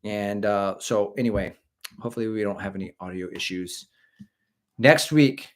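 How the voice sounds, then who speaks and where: A man's voice: on the low side, normal speed. A man in his forties hosting a live stream, chatting casually in a rambling way and reading out viewer comments. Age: 40s. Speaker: podcast host.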